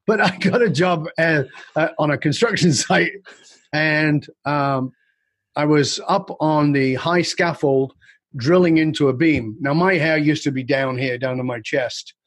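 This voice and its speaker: A man's voice: on the high side, measured pace, no room sound. A man guest in an interview, candidly and reflectively telling a personal story with casual swearing.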